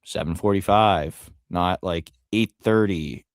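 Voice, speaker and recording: Deep-voiced and unhurried, a man co-hosts a sports podcast, rambling casually with plenty of fillers and the odd curse, often trailing off. The studio sound is clean, with no echo.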